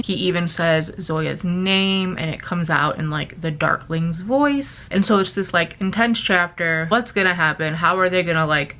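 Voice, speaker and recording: A woman in her twenties, chatting casually and gushing about a book on her vlog, full of "like" fillers. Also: lowish voice. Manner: gushing, animated, lots of "like" fillers. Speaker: book vlogger. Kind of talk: casual chat.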